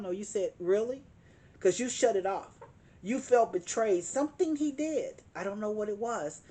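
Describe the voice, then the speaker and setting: A woman's voice: medium pitch, warm tone. A woman giving a tarot card reading, speaking emphatically, repeating her points and chuckling now and then. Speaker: tarot reader.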